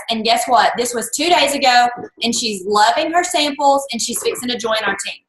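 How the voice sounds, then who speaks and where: High bright woman storyteller. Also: moderate pace. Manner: animated, acts out quoted voices. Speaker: guest speaker. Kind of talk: lively anecdotal talk. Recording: roomy echo.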